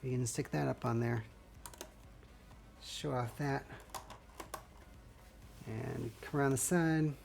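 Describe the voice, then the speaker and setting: Taking it slowly and pausing often, a woman with a bass, slightly mellow voice builds LEGO on a livestream. Her friendly, rambling chat with viewers comes out scratchy and a bit gravelly, as though her throat is dry.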